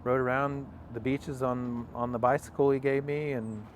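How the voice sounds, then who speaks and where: A young man tells his story in a relaxed, rambling way, full of fillers and quoted dialogue. His voice sits at a middle pitch. The recording was made outdoors and has a faint hum of background noise. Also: normal speed. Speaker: interview guest. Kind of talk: casual storytelling. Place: outdoors on a farm.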